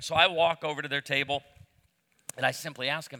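Animated preaching man in a hall. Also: on the high side, brisk. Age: 50s. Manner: animated storyteller, acts out voices. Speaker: pastor. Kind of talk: sermon with humorous stories. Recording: long hall reverb.

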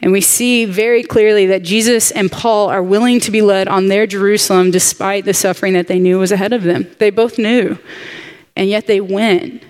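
A woman's voice: mid-range voice, steady tone, fairly quick, hardly any pauses, darkish tone. Earnest woman teaching a Bible lesson. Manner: earnest, heartfelt, chatty asides. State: jet lagged. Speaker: women's Bible study teacher.

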